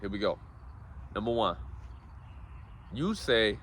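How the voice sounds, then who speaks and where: A man's voice: mid-range voice, animated, normal speed, bright, forceful tone, slight background noise. A man giving a casual, preachy motivational talk, calling his listeners guys and bro. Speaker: self-help speaker.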